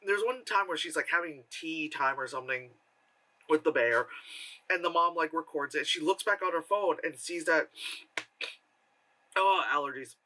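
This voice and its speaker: A man's voice: a little high, moderate pace, long pauses, sharp tone. A man giving a casual, rambling film review with sarcastic asides and lots of fillers. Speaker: movie reviewer.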